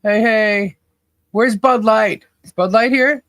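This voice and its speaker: A woman's voice: a little high, takes it slowly, a bit bright, no room sound. A woman co-hosting a livestream in casual chat, laughing often and greeting viewers by name. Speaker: livestream co-host.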